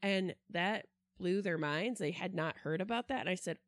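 A woman's voice: fairly low pitch, normal speed, dry recording. A woman in her thirties, a librarian co-hosting a podcast, telling stories in casual chat with fillers. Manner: storytelling, hesitant with fillers.

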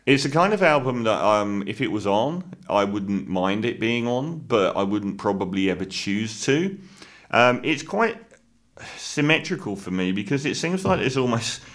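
Guy doing an album review, lowish voice, lots of ums and restarts, pretty opinionated. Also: lively intonation, normal speed, a bit bright. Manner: opinionated, hesitant with many fillers and restarts. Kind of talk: spoken music review.

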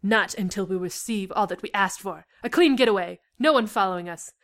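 A woman's voice: medium pitch, brisk, fairly bright tone, lightly acted. A woman doing a menacing male bank robber. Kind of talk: reading own fan fiction aloud.

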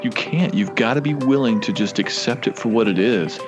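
A man's voice: mid-range voice, fairly quick, music in the background. A man co-hosting a casual faith discussion podcast, speaking in a heartfelt, reflective way. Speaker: podcast co-host.

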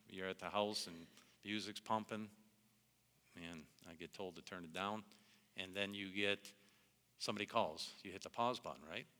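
A man's voice: lowish voice, sharp tone, in a large hall. A middle-aged man preaching a sermon in an earnest, conversational way, often calling his listeners "guys.".

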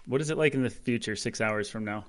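A man's voice: lowish voice, quick pace. Teasing male podcast co-host. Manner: teasing, joking banter. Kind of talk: casual podcast chat.

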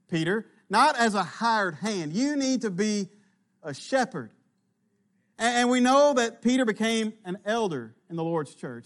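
A man delivers a sermon in an unhurried, emphatic way, letting his phrase ends sink low. His voice sits fairly high for a man. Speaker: preacher.

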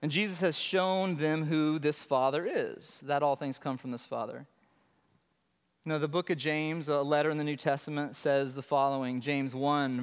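A man's voice: a little high, clean tone. A man preaching a sermon, earnest and emphatic, often repeating phrases for weight. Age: adult with children. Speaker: pastor. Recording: long hall reverb.

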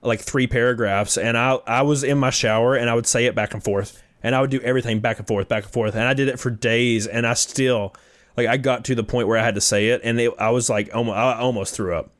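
A young man telling stories in casual chat, rambling and animated with lots of fillers. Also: mid-range voice, fast talker.

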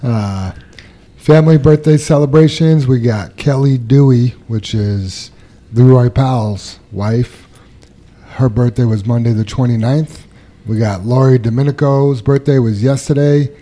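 A man hosting a casual workplace podcast, reading out anniversaries and birthdays and telling stories in a relaxed way. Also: medium pitch, a little slow. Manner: relaxed, reads out announcements. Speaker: podcast host.

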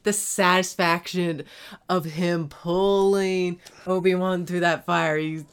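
A woman in casual chat as a podcast co-host, gushing and quick to laugh. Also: lowish voice, steady tone, smooth. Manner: slow, gushing, laughs easily.

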